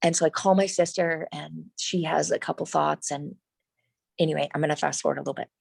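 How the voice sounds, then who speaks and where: A middle-aged woman, a guest in an interview, telling a personal story in an animated, emphatic way with frequent restarts. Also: deep voice, brisk, creaky, slightly rough, no room sound, rough recording.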